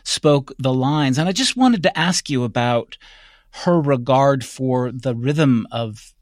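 A man with a mid-pitched voice hosts an interview. He introduces his guest and asks rambling questions in a chatty, friendly way. His voice is recorded close and dry, with no room sound. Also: lively intonation, slow, no room sound. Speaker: interviewer, host.

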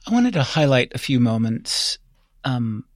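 A man with a mid-pitched voice hosts an interview. He introduces his guest and asks rambling questions in a chatty, friendly way. His voice is recorded close and dry, with no room sound. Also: big pitch swings, a little slow, no echo. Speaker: interviewer, host.

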